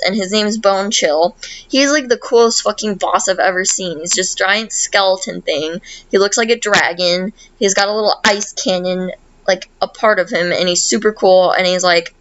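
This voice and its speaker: A woman podcast host retelling a video game in loose, rambling chat. Her pitch sits in the middle, and she fills her talk with "um", "like" and casual swearing. The recording sounds a bit dull and muffled. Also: unhurried, fairly bright tone, a little hiss or hum. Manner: rambling, profane, full of "um" and "like".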